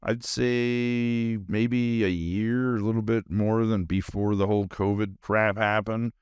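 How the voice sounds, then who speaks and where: A man's voice: lowish voice, fairly even intonation, slow, smooth, dry recording. A man hosting his own podcast, talking on and on in a loose, caffeinated monologue full of fillers. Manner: rambling, nonstop talker with many fillers. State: highly caffeinated. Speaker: podcast host. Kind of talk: rambling solo podcast monologue.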